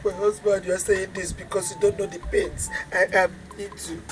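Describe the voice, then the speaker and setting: A woman's voice: medium pitch, little pitch movement, moderate pace, lightly acted. A woman with a Nigerian accent playing a grieving mother who tearfully soothes her injured son with repeated reassurances. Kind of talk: film drama acting.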